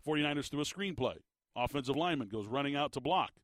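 A man hosting sports talk radio, animated and emphatic, often repeating his words as he gets worked up. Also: medium pitch, fast talker, dry recording. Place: radio studio. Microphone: studio microphone.

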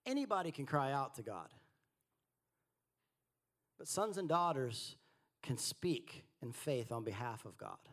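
A man preaching a sermon, swinging between quiet asides and animated, rising delivery. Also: a little slow, long pauses. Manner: animated preaching, rising and falling in pitch and volume. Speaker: pastor.

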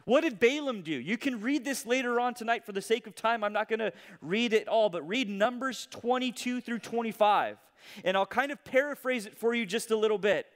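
Male pastor, sermon storytelling, high voice, animated, dramatic loud-to-hushed delivery. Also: a little fast, long reverb tail.

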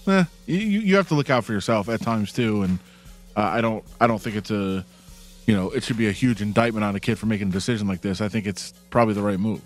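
A man talking casually about sports as a guest, hesitant and relaxed with many fillers. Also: on the low side, fast talker, soft background music.

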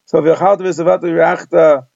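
A man's voice: a little high, steady tone, moderate pace, creaky, darkish tone, no room sound. A man teaching a Talmud class, reading each phrase of the text and then translating and explaining it. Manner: reads Hebrew-Aramaic text then translates line by line. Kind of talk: daily page Talmud class. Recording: dull lo-fi dry recording.

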